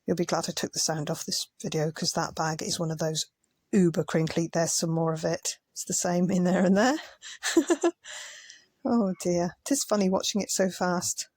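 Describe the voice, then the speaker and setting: A woman's voice: lowish voice, moderate pace, a little mellow, no room sound. A tired woman chatting casually as a craft vlogger, muttering asides as she sorts things. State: tired, yawning. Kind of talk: casual commentary over sped-up footage.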